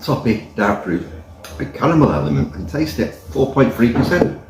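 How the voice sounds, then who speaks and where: A man's voice: mid-range voice, sing-song, normal speed, noisy background. A man reviewing a pint in a pub, chatting in a rambling, jokey way. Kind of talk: casual review with a joke. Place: indoors in a pub by the fire. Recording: roomy pub echo.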